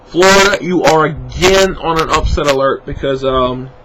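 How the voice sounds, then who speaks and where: A man's voice: on the high side, moderate pace. Guy rambling thru his picks, sleepy n yawny, lotta ums, noisy audio. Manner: rambling, many fillers, self-correcting. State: sleepy, yawning. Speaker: sports vlogger making picks. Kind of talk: casual spoken predictions.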